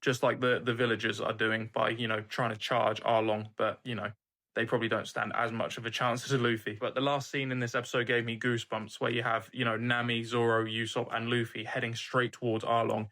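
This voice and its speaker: A man's voice: medium pitch, little pitch movement, fairly quick, bright, forceful tone. A young man hosting an anime reaction channel, recapping an episode in an earnest, emphatic casual way, swearing freely.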